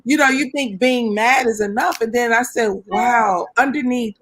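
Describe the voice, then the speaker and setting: Give me a woman speaking on a panel over a video call, telling stories in an animated way. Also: on the high side, moderate pace. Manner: animated storytelling with laughter. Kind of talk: panel discussion.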